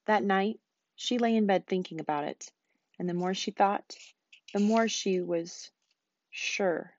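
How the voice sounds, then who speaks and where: A woman teacher reading a novel aloud, quick and expressive. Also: medium pitch, dull audio.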